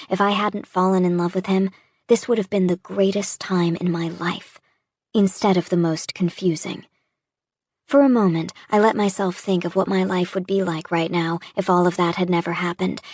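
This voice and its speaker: Husky woman narrating an audiobook. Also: on the low side, dry recording, clean studio sound. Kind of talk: first-person audiobook narration.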